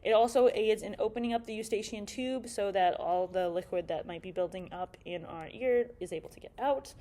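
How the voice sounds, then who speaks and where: A young woman talks through an anatomy lesson like a student presenter, pausing often and restarting her words. Her voice sits in an ordinary middle pitch for a woman, and the talk has the loose, unscripted flow of a class presentation. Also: mellow. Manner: halting, many fillers and restarts.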